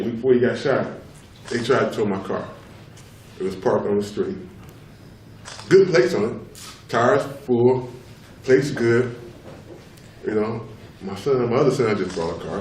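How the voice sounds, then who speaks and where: A man's voice: medium pitch, normal speed, long pauses, a little mellow. Emphatic middle-aged man in a roomy hall. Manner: emphatic, repetitive, keeps asking "you know what I'm saying". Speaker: father giving testimony at a public tribunal. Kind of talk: spoken testimony. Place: public hearing room. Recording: roomy hall, mic far off, faint noise.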